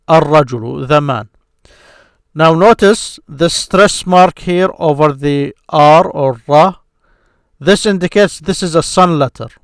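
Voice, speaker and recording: A man teaching a beginners' grammar lesson, explaining patiently and repeating syllables slowly for his learners. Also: fairly high pitch, dry recording, studio quality.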